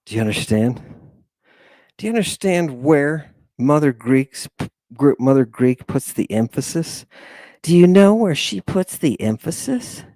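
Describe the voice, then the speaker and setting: A man's voice: fairly high pitch, big pitch swings, measured pace, dark tone, no room sound. A man hosting a lecture in a theatrical, rambling way. He keeps turning to his audience as "people". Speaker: lecture host.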